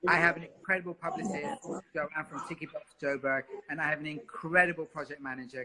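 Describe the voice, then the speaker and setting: Expressive bright-voiced man. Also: medium pitch. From London. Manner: expressive, repeats words, lots of "you know". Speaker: singer and interview guest. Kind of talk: live interview, candid.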